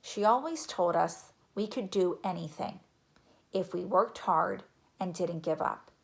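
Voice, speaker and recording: A woman narrating a children's chapter book in a gentle, even reading voice. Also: lowish voice, measured pace, vocal fry. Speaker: audiobook narrator. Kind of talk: storybook narration.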